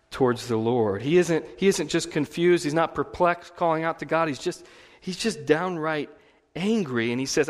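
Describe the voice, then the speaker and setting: A man's voice: fairly high pitch, expressive, moderate pace. Man preaching in a reverberant church. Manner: conversational preaching with emphatic swells and repeated phrases. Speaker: pastor. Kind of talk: sermon.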